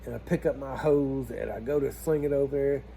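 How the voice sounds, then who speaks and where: A man telling a plumbing job story in a casual vlog, animated and swearing freely as he talks to his viewers. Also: medium pitch, fairly quick, gravelly, a little hiss or hum.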